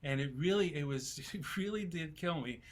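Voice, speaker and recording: A man in his sixties, a songwriter on a festival panel, telling relaxed, folksy stories in casual talk. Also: fairly high pitch, normal speed.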